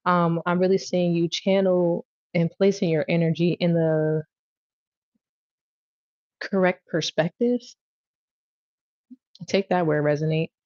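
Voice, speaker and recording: A woman's voice: lowish voice, a little mellow, dry recording, lo-fi sound. A woman giving a casual tarot reading, talking in a slangy, blunt and playful way. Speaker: tarot reader.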